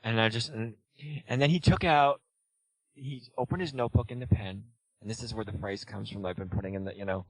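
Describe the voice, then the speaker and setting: A man's voice: on the low side, a little fast, dry recording, low-quality recording. A man telling a long personal story in casual chat, rambling with lots of "you know" and "like" and acting out the lines of the people in it. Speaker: guest.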